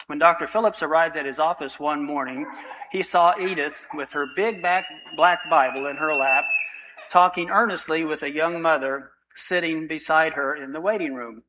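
A man preaching a sermon in church, praying and then telling a story in an earnest, steady way. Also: a little high, rough recording. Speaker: pastor.

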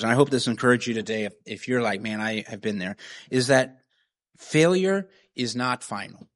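A man's voice: medium pitch, normal speed. A man preaching a sermon in an earnest, conversational way, often checking in with "right?" and "you know". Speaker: pastor.

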